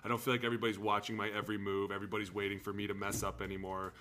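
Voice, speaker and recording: A man with a bright, forceful voice tells stories on a casual sports podcast. He is animated and swings louder whenever he acts out what someone said. He is talking from a home setup. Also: lowish voice, racing, slight background noise. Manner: animated storyteller, swings loud when acting out quotes. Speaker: podcast co-host, former NFL lineman. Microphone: home setup in front of drums.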